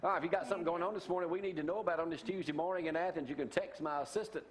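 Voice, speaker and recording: A man's voice: fairly high pitch, fairly even intonation, very fast, crowd noise. A man with a Southern US accent hosting a local morning talk show, joking with guests and reading from articles. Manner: folksy, joking, reads articles aloud.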